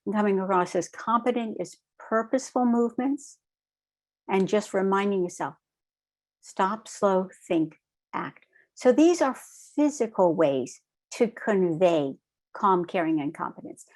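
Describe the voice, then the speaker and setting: A middle-aged woman teaching a training session in a calm, measured way, often checking in with "right?". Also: mid-range voice. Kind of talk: recorded online training lecture.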